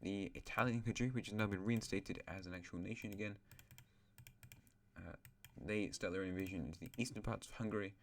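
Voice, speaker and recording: Low-voiced man rambling over a map. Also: steady tone, brisk. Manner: rambling, self-correcting, joking asides. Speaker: host of a map series. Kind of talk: casual narration of an alternate-history map.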